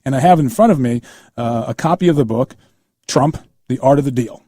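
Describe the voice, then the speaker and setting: A man's voice: medium pitch, brisk, warm tone, no room sound, studio quality. A man in his fifties guest-hosting a political talk radio show, telling stories in a casual, conversational way and acting out quoted dialogue.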